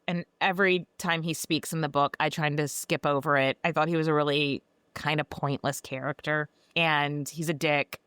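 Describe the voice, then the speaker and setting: A woman's voice: low-pitched, a bit bright, smooth, no echo. A woman podcast host giving a casual, sarcastic and profane recap of a book.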